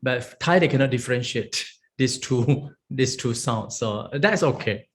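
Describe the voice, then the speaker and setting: A man's voice: medium pitch, measured pace, slight background noise. A man teaching a beginner Pali lesson as a monk, drilling sounds one at a time, checking in with "okay?" and chuckling as he goes. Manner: chuckles often while explaining.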